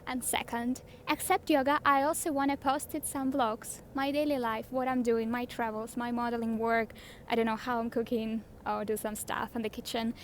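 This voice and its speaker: Chatty Russian-accented woman, higher voice. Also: fairly even intonation, moderate pace, poor audio. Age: young adult. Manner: chatty, upbeat, searching for words in English. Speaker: vlogger and yoga teacher. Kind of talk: casual vlog introduction. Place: outdoors, windy and noisy. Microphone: handheld mic. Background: outdoor noise.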